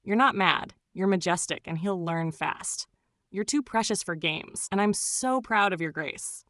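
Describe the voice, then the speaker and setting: A woman's voice: on the low side, measured pace, fairly bright tone, dry recording, clean studio sound. A woman reading scripted narration in a gushing, doting way, full of pet names.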